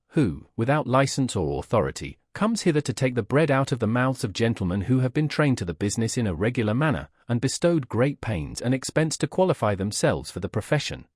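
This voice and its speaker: A man's voice: mid-range voice, a little mellow, husky, no room sound, clean studio sound. A man voicing an irate, pompous male English doctor in an audiobook, given to sputtering, indignant outbursts.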